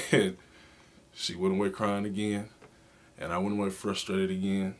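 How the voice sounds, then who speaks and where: A man in his twenties giving an informal teaching talk, telling a story with many halting repeats and loud acted-out outbursts. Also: low-pitched, monotone. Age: 20s. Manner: storytelling, acts out his own past outbursts loudly; halting, repeats words often.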